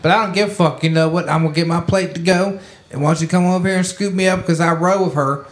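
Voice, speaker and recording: A man's voice: high-pitched, fairly even intonation, quick pace. A man co-hosting a casual podcast, riffing profanely and improvising comic bits alongside his partner. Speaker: podcast co-host. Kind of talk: casual comedic banter.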